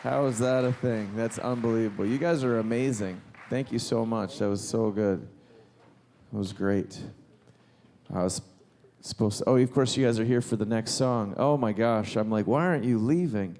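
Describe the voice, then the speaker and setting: Emceeing a live concert and art auction from the stage, this man talks casually and enthusiastically, rambling and interrupting himself with many restarts. His voice is lowish, a little mellow, fairly even in intonation and moderately paced, with slight background noise and some chatter behind him.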